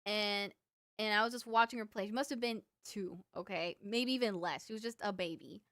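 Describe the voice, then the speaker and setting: Casting: young woman streamer, rambling anecdotes to chat, mid pitch, dry close mic. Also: a little fast, a bit bright, no echo. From Cuban family. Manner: rambling storyteller, lots of fillers, laughs at own stories. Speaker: livestream streamer. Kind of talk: casual chat with viewers.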